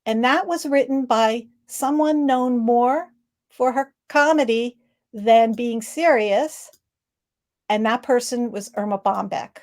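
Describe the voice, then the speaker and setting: A woman's voice: a little high, slow. Upbeat woman presenting on laughter. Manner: upbeat, demonstrates rhythmic ho ha he laughter sounds. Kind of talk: online presentation leading laughter exercises. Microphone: video call.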